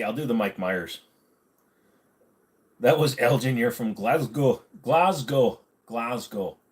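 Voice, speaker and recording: A man hosting a casual livestream from home, reading viewer comments in a crude, joking, laid-back way. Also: medium pitch. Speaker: livestream host. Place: at home, on bed rest.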